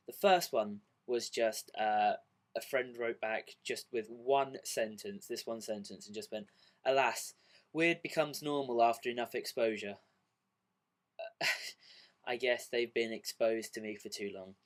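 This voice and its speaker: A man vlogging casually, rambling with many fillers and apologies, unwell and a little dizzy. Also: mid-range voice.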